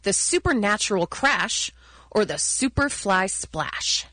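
A woman co-hosting a radio show, running a call-in quiz, playful and excitable. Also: mid-range voice, takes it slowly, no room sound.

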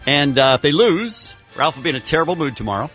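A male morning radio host with a bright, forward voice that sits a bit high, teasing his guests and joking along. His pitch moves a lot, and faint music runs under the broadcast. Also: big pitch swings. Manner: joking, teasing, quick to laugh. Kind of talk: casual radio banter.

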